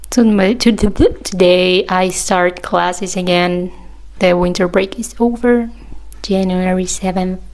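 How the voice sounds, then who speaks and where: A woman's voice: medium pitch, vocal fry, darkish tone. A young woman hosting a casual solo podcast, chatty and self-deprecating, laughing often. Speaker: podcast host.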